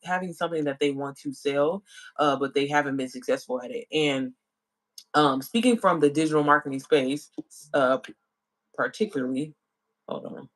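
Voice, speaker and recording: A woman's voice: sits low, normal speed. A woman chatting casually with viewers on a livestream as an online business coach, calling them y'all and girl.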